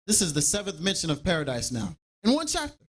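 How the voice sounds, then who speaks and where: With a high-pitched voice and a fast pace, this man teaches scripture like an animated preacher. He makes his points by performing bits of ordinary dialogue.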